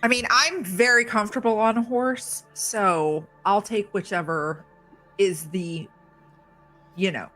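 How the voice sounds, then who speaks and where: A woman playing a tabletop game, chatting in an animated way. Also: medium pitch, a little slow, faint music behind. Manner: animated, laughing. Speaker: player.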